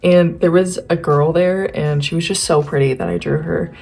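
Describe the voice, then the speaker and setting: A woman's voice: fairly low pitch, steady tone, moderate pace, dark tone, husky. A young woman gushing over her old sketchbooks in rambling, giddy casual chat, her voice a little worn. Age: young adult. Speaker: artist flipping through sketchbooks. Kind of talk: casual commentary.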